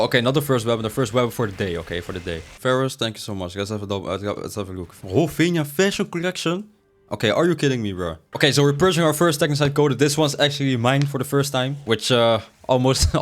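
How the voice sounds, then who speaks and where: A young man giving casual, slangy commentary over his gameplay, jumping from excited outbursts to low mumbles. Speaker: gaming streamer.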